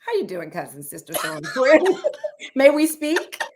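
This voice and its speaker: A woman's voice: sits high, sing-song, measured pace, slight background noise. A middle-aged woman from the United States co-hosting a podcast in playful, bantering casual chat, laughing often. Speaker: podcast co-host.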